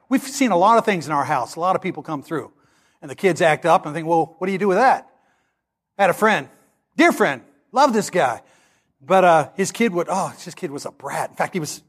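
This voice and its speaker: A man preaching a sermon, animated and acting out the voices he quotes. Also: high voice. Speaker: pastor.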